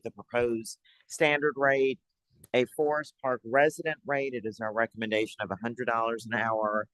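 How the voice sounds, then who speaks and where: A man on city economic development staff, giving an upbeat, chatty update to a public board meeting and pausing now and then to find his papers. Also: medium pitch, a bit bright, dry recording, poor audio.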